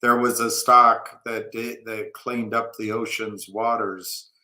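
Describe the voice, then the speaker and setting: A man co-hosting a live talk show, talking in a hesitant, relaxed way. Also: lowish voice, slow, echoey room.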